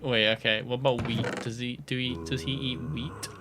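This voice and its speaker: A man's voice: medium pitch, flat delivery, normal speed, background noise. A man from the UK rambling through casual gameplay commentary, jokey and self-mocking, sometimes sinking to a whisper. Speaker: gaming host.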